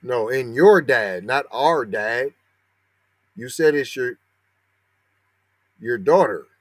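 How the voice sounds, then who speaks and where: Male podcast host, slangy sarcastic commentary, slow delivery, dead-dry mic. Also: mid-range voice, lively intonation, no room sound. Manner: sarcastic, rising to heated outrage; slangy, talks back to the article he reads. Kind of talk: commentary on a news story.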